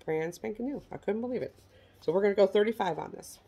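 With a mid-range voice that's fast, creaky and mellow with a breathy edge, a middle-aged woman from the United States presents handbags she sells online. She keeps it casual, folksy and self-deprecating.

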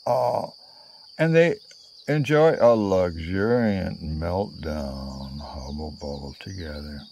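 A man's voice: low voice, animated, takes it slowly, vocal fry, darkish tone, slight background noise. A man telling a travel story in a casual, meandering way, full of fillers and asides.

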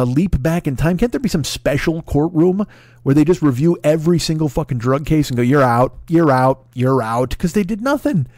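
A man in his forties riffs through a solo comedy podcast rant, swearing constantly and laughing at his own tangents. His voice sits a bit high for a man. The sound is close and dry, with no room around it. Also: dark tone, no echo. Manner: profane, ranting, riffing with laughs and restarts. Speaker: podcast host.

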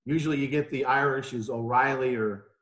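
A man's voice: mid-range voice, fairly even intonation, brisk, a bit bright, reverberant. A man in his forties, a podcast guest from New York, telling stories in a chatty, anecdotal way from his home. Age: 40s. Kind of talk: casual interview chat. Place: home room.

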